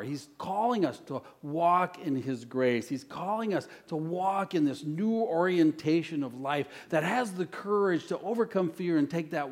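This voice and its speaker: A pastor preaching a sermon, moving between hushed lines and loud, emphatic calls. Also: male voice, a little high. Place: church.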